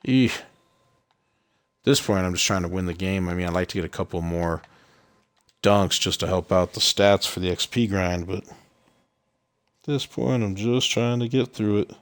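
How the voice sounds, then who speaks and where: A man with a deep, low voice talks through his game on a live stream. He rambles along in a relaxed way, filling gaps with ums and uhs. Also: normal speed, long pauses. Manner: relaxed, rambling, with many fillers. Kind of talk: casual gameplay commentary.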